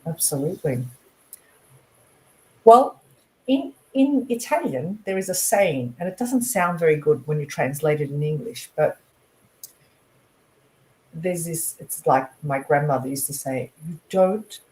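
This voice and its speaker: A woman hosting a casual online chat, her pitch swinging up and down as she tells things. She speaks slowly and draws out words for emphasis, and she laughs easily. The sound is from a video call. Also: rough recording. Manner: animated, laughs often, stretches words for emphasis. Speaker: co-host of an online talk show.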